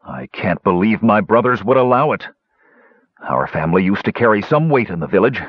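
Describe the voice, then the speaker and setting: A proud, gruff older male dwarf, as a male narrator puts him on, indignant and hard-edged. His voice is husky and rises and falls widely. The recording is dull and dry. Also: on the low side, very animated, brisk, no room sound.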